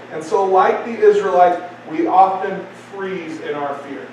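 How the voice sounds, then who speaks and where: A man's voice: sits high, measured pace, hardly any pauses, darkish tone, recorded from a distance, a little hiss or hum. A man preaching a sermon in a church, conversational and repetitive, building emphasis. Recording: very echoey church hall from afar.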